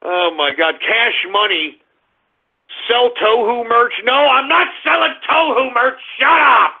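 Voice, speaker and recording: A man hosting a radio show, ranting in exasperation at his chat room, swinging between groans and shouts. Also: very high voice, a little slow. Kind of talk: exasperated live call-in banter. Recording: tinny phone-line sound.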